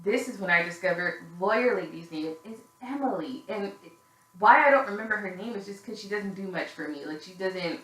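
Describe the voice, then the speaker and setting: A woman delivers a casual, opinionated recap, candid and gossipy, cursing without hesitation and leaning on fillers. Her voice is bright and forward, and it rings off the hard walls of an echoey room. She sounds a little worn out. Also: medium pitch, animated, fairly quick. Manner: candid and gossipy, swears freely, frequent fillers. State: tired. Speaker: reality TV recap reviewer.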